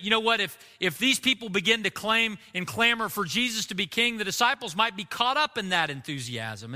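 Man, pastor, sermon, animated storytelling, high voice, long hall reverb.

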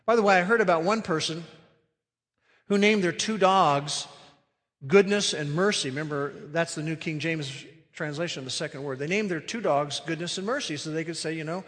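A man's voice: a little high, moderate pace, fairly bright tone, long reverb tail. A man preaching a sermon as pastor, earnest and emphatic, stretching out key phrases.

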